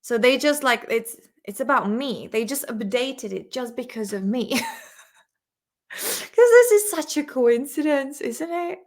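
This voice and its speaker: Woman English teacher, slow-paced, giggly and chatty, live-stream lesson. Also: high voice, animated. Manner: chatty, giggly, laughs often. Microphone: desk camera mic on a makeshift stand.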